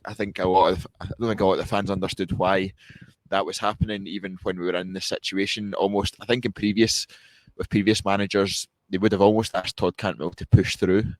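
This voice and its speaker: A man co-hosting a podcast, giving a measured, analytical post-match football reaction with frequent restarts. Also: low voice, no echo. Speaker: podcast co-host.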